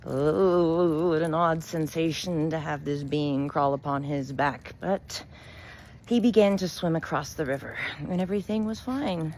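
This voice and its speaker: Low-voiced woman, gently telling a fable. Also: unhurried, slight background noise. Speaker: storyteller and spiritual reader. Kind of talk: fable storytelling and reflection.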